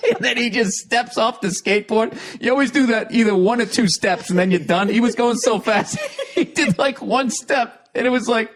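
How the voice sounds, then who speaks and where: A man's voice: very high-pitched, normal speed, hardly any pauses, a bit bright. A man hosting a podcast, telling a story casually, laughing often and swearing a lot. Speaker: podcast host.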